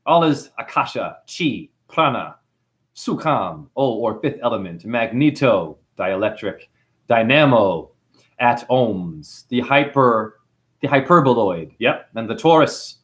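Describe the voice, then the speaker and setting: A man's voice: mid-range voice, lively intonation, takes it slowly. A man with a New Zealand accent hosting a livestream, rambling and preachy as he reads out chat messages. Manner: rambling, preachy, calls listeners honey. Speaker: livestream host. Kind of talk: livestream monologue reading chat.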